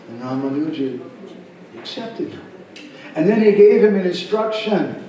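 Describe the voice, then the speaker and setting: Man, devotional storyteller, slightly higher voice, dark mellow tone, very echoey hall, far from mic. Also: expressive, measured pace, pauses often. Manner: acts out story characters. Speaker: speaker at a devotional camp.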